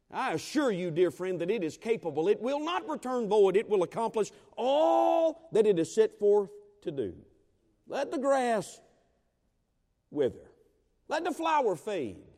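A man preaches in a folksy, dramatic style, swinging into emphatic rises. His voice sits fairly high for a man. Long reverb rings out around him in a large hall. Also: darkish tone. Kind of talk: sermon with a humorous story.

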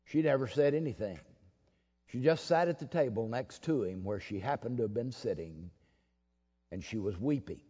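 A man's voice: medium pitch, lively intonation, moderate pace, mellow, slightly rough. A man, preaching a sermon as a pastor and telling stories in a folksy, drawling way with many fillers. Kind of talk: sermon storytelling. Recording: dull lo-fi audio in a long-reverb hall.

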